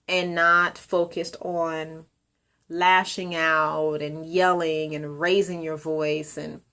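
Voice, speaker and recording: A woman who runs a body care business, telling a story in a calm, upbeat motivational video message. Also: on the low side. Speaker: colon hydrotherapist and business owner.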